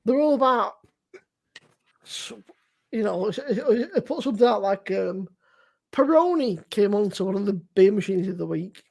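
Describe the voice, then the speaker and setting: A woman guesting on a casual live stream, telling animated stories, swearing and saying "mate". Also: medium pitch, moderate pace, gravelly, long pauses.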